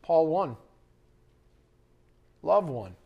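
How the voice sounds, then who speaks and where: A man preaching a sermon as pastor, lively and conversational, asking the congregation questions. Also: fairly high pitch, drawn-out words, creaky, breathy edge, muffled recording. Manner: animated preaching, acting out scripture quotes and asides.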